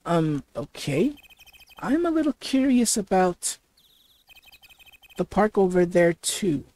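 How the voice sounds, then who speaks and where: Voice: mid-range voice, very animated, slow, a little mellow, no echo. Flustered young male lawyer, stuttering game read, voiced by a let's player. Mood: polite. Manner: hesitant and flustered, with heavy stutters. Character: young male defense attorney, nervous. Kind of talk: reading game dialogue aloud.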